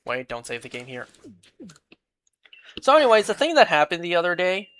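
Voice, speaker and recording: A woman's voice: lowish voice, sing-song, moderate pace, fairly bright tone, clear, resonant tone. A woman streaming a game and chatting casually, venting in an exasperated way and swearing freely. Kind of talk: casual chat while gaming.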